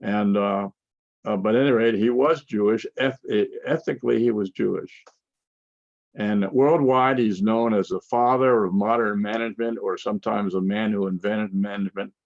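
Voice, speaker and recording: An older man giving a conference lecture with slides, talking in a halting way with frequent restarts and fillers. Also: lowish voice, steady tone, creaky, dry recording, muffled recording. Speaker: conference speaker.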